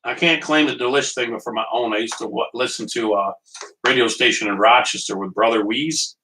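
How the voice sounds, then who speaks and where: A man's voice: medium pitch, a little fast, noisy background. Rambling, chatty man cooking live, off-mic. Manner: rambling, chatty, joking with viewers. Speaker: home cooking show host. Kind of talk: live-streamed cooking demonstration. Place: kitchen at a small portable stove. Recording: distant mic.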